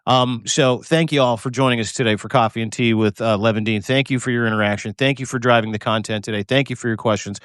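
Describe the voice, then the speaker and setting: Male co-host, emphatic and choked up, swears for emphasis, close dry mic, mid-pitched voice. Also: fairly even intonation, fast, hardly any pauses, fairly bright tone, dry recording. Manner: fervent, emphatic, swears, repeats words. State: choked up with emotion. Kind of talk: passionate live-stream chat. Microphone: remote video call.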